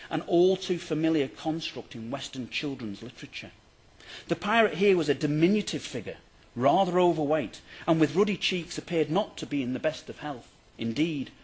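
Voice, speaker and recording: A male university lecturer reading out a prepared academic paper in a formal, measured way, with the odd dry aside. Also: on the high side, darkish tone, breathy edge.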